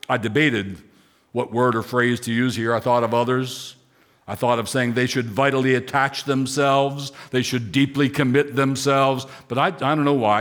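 A man's voice: mid-range voice, a bit bright. A man pastor from Pennsylvania preaching a sermon with emphatic lists and rhetorical questions. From Pennsylvania, United States.

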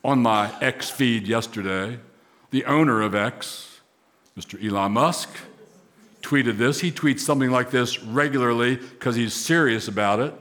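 A man's voice: mid-range voice, unhurried, fairly bright tone. A man preaching a sermon as pastor, emphatic, with rising, swelling repetition.

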